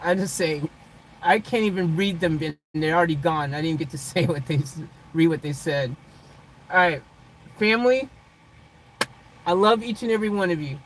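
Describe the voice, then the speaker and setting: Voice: mid-range voice, normal speed, long pauses, a little hiss or hum, rough recording. Chuckling livestream host in a vehicle. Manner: chuckles often, playfully dramatic, jumps between loud teasing and soft sincere talk. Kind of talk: casual livestream chat with viewers.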